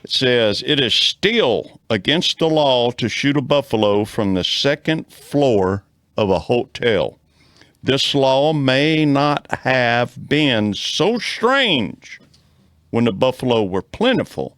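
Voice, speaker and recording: Male podcast co-host, slow unhurried delivery, reads items aloud with a wry edge. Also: medium pitch, sing-song, a bit bright, no echo. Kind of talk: casual panel chat, reading aloud.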